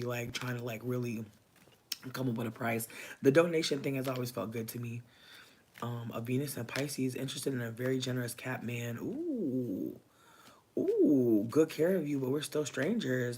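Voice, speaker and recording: A man giving a casual livestream tarot reading, talking in loose slang, breaking into loud laughter and dropping to soft asides. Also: medium pitch, slight background noise. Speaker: tarot reader.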